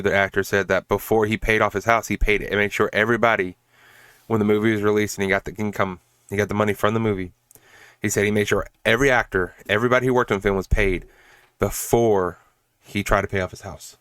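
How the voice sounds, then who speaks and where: This male podcaster talks fast in a steady, low-leaning voice that's fairly bright, clear, and resonant. He casually recaps and reviews a film with exasperation, swears for emphasis, and keeps restarting sentences, all with no echo.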